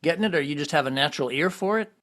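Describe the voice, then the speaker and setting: Male interviewer, lighter voice, reads background notes then asks crisp questions. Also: on the high side, lively intonation, a bit bright. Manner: brisk, informative lead-ins to questions. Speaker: podcast host.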